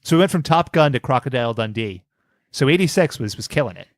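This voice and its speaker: A man's voice: mid-range voice, expressive, fast, no room sound, studio quality. A man co-hosting a podcast, chatting casually with wry jokes and puns. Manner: wry, jokey, fond of puns. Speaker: podcast co-host. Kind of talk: casual chat.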